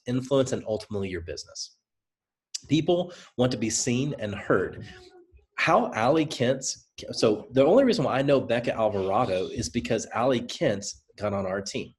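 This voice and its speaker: Energetic man with a Southern drawl. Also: medium pitch. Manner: energetic, conversational, coaching; direct, repeats points for emphasis. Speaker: presenter. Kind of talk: motivational training talk.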